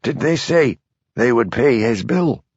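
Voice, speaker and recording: A man's voice: mid-range voice, expressive, measured pace, darkish tone, breathy edge, dry recording, pitched above the performer's own voice. A man voicing a sleepy, wary village man who mumbles and grumbles. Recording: dull lo-fi audiobook recording.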